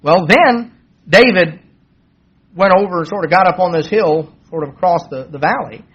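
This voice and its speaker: A man delivers a sermon in a plain, conversational way and lifts his voice to act out the lines of the story. His voice sits high and has a husky edge. The recording is dull and lo-fi. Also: expressive, moderate pace. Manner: conversational, acts out quoted dialogue in a raised voice. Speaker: preacher. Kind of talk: sermon retelling a Bible story.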